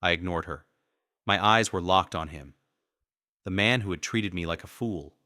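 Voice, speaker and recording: Casting: deep, slow, cold male storyteller, bright dry read. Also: dry recording. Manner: cold menacing. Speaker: narrator. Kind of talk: scripted first-person story narration.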